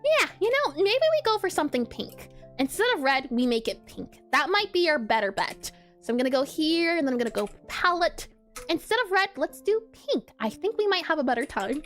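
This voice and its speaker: A bubbly woman chats casually with her live-stream viewers as she works on pixel art. Her voice is very high and swoops up and down, and she laughs easily. Soft music plays faintly in the background. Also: very animated, fairly quick. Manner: bubbly, chatty, laughs often, reacts to chat. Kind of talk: casual live-stream chat while drawing.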